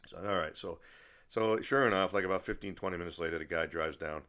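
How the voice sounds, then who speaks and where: A man vlogger telling a story in a rambling, animated rant. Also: sits low, fast talker. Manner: rambling, animated, many restarts and asides.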